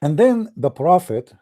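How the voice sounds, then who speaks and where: A man giving mocking, sarcastic livestream commentary as a religious debate streamer, dropping into dramatic hushed asides. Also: fairly high pitch, sing-song, slow pace.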